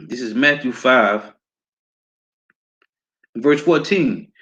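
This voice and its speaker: A man with an American accent teaching scripture, reading verses slowly and often ending with "man.". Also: mid-range voice, animated, a bit bright. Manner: reads verses slowly, repeats "man" as a tag. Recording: dull lo-fi sound.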